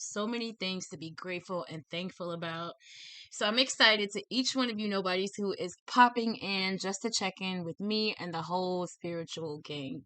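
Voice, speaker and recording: A woman's voice: mid-range voice, sharp tone, no echo. Bubbly woman with a lisp. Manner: bubbly, effusive, repeats herself. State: slightly tongue-tied. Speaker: tarot reader and channel host. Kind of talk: chatty intro to a reading video.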